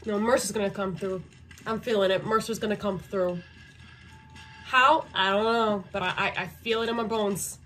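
A young woman hosting a reaction video, excitable and swearing, pleading with the characters on screen as she comments live. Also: mid-range voice.

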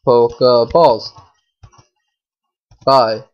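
A woman giving casual commentary while playing a game, chatty with lots of fillers, swinging from low mumbling to shrieking outbursts. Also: fairly even intonation, drawn-out words, a little mellow, highs cut off. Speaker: gameplay commentator. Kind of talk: casual let's play commentary.

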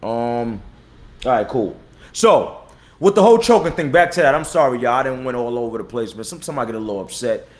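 A man in his thirties, a battle rapper hosting his own live stream. He talks blunt and profane, repeats himself and gives shout-outs to viewers, and says he is tired. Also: medium pitch, expressive, brisk. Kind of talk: casual live-stream talk.

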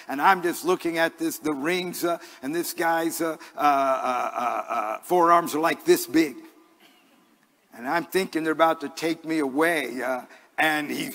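A male pastor preaches a sermon in a church sanctuary, earnest and conversational, weaving scripture together with personal stories. His voice is on the high side and fairly bright, with a big-room sound.

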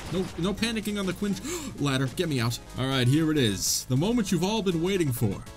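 A young man giving casual, excitable gameplay commentary, swearing and trash-talking the enemies. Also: a little high, a little fast, soft background music. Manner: excitable, profane, jokey trash talk. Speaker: gaming video host.

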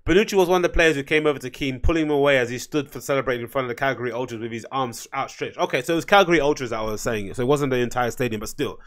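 A man's voice: medium pitch, rapid-fire, hardly any pauses, fairly bright tone. A man hosting his own podcast, ranting in a blunt, profane, rambling way, often getting heated. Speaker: podcast host. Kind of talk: casual solo rant.

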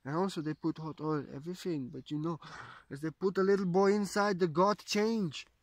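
A man's voice: sits high, steady tone, normal speed, no room sound. Man telling a legend in broken English. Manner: digressive, simple broken English with frequent "you know". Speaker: spiritual teacher. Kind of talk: spiritual storytelling talk.

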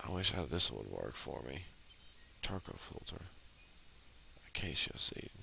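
A man's voice: very deep voice, very animated, a little slow, creaky. A man giving casual, exasperated commentary while playing a video game, often grumbling and ranting. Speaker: let's play host. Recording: loud background noise.

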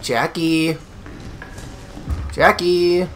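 Slow-talking profane gaming commentator, a man. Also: a little high, steady tone. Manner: profane, yells taunts at the enemy. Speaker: gaming video host. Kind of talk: let's play commentary.

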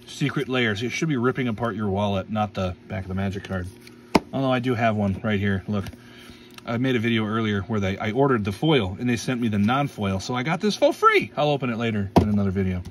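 A man's voice: lowish voice, distant mic, background noise. A man casually opening trading card packs on camera, reading out card names, tripping over some of them and making playful jokes. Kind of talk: casual pack-opening commentary.

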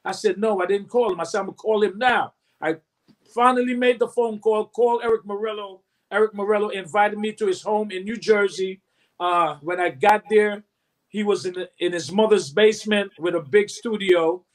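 A man's voice: high voice, normal speed. A man in his fifties, a recording artist telling his story in an interview, acting out other people's lines as he goes. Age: 50s. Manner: animated storyteller who acts out quotes and hums beats.

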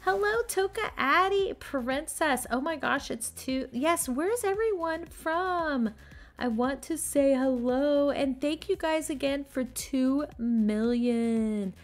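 A woman's voice: high-pitched, animated, slow, faint music behind. Chatty woman live-streaming to viewers. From Texas, USA. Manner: chatty, greeting viewers by name. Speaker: channel host.

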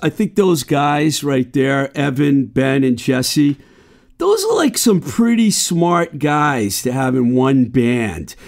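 A man's voice: medium pitch, very animated, slow pace, vocal fry, darkish tone. A man hosting a podcast, chatting casually and admiringly with his guest. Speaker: podcast host.

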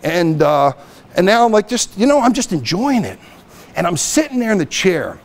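A middle-aged man giving a poker lecture as a guest speaker, telling lively anecdotes and acting out the dialogue. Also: high-pitched, normal speed. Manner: animated anecdotes, acts out dialogue. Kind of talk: storytelling lecture.

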